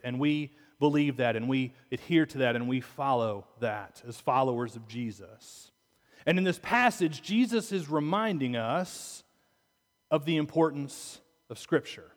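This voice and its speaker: In a church sanctuary, a pastor preaches a sermon in a medium-pitched, unhurried voice, keeping it conversational and posing rhetorical questions to his listeners. The church hall adds a long reverb.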